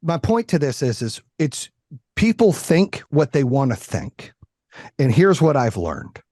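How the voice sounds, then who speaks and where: A man's voice: medium pitch, measured pace, dry recording, clean studio sound. A middle-aged man talking candidly as a podcast guest, blunt and heavy on swearing. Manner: blunt, profane, animated. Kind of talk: candid interview talk.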